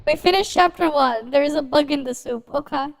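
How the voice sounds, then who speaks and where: A woman's voice: sits high, fairly quick. A woman streamer giving casual game commentary with laughing asides.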